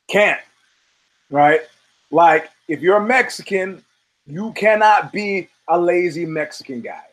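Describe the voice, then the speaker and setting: A man's voice: high voice, slow pace, rough recording. A male show host giving a blunt, rambling commentary monologue full of profanity and restarts.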